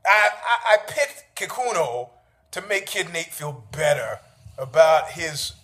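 High-voiced sarcastic man ranting. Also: sing-song, slow pace, bright, forceful tone. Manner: profane, sarcastic, needling, laughs at own jokes. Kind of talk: casual storytelling rant.

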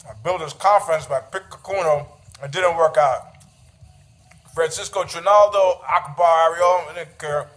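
Middle-aged guy, pretty high voice, swearing and needling, sarcastic rant. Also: moderate pace, fairly bright tone. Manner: profane, sarcastic, needling, laughs at own jokes. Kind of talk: casual storytelling rant.

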